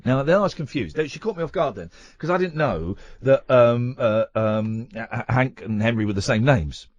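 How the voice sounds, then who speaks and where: Playful radio host, lively voice. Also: male voice, mid-range voice, no room sound. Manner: playful, teasing, quick to joke. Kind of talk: casual radio chat.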